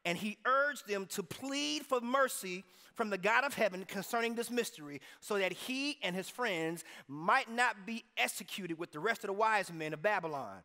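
A man preaching a sermon to his church in an energetic, conversational way, now and then rising to a shout. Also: high voice, moderate pace, hardly any pauses, big-room sound. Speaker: pastor. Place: church sanctuary.

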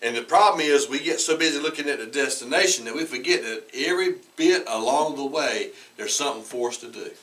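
A man, preaching a sermon as pastor and telling stories, who talks conversationally, repeats words, restarts and often clears his throat. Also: mid-range voice, fairly quick, hardly any pauses, distant mic, slight background noise, poor audio. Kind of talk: sermon with personal storytelling. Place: church sanctuary. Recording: bright voice heard from away from the mic.

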